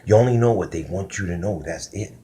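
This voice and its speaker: A man's voice: deep voice, quick pace, mellow, a little hiss or hum. A man delivering a loose, profane spoken teaching, drifting between topics with frequent restarts. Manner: profane, conspiratorial ranting. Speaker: self-styled spiritual teacher. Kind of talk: rambling spoken monologue.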